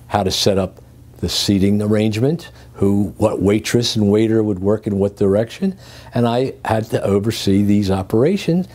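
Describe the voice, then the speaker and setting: An older man from Greece, recounting his working life as an interview guest, with lively chuckling storytelling. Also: lowish voice.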